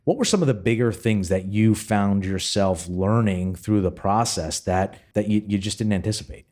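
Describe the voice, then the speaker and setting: A joking man with a low voice hosts a casual interview. He winds his way through long, rambling questions between quips. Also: moderate pace, a little mellow. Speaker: podcast host.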